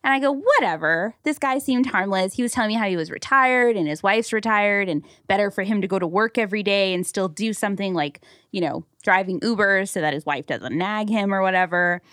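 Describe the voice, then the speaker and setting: A woman in her thirties co-hosting a podcast, telling stories in a lively way and acting out the people she quotes. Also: mid-range voice, brisk, few pauses, no echo, clean studio sound. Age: 30s. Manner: animated storyteller, acts out quoted people. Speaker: podcast co-host. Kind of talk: casual chat, storytelling.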